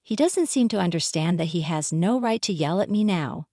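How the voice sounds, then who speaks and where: A woman narrating a scripted first-person story in a steady, matter-of-fact reading voice. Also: fairly low pitch, normal speed, dry recording, clean studio sound.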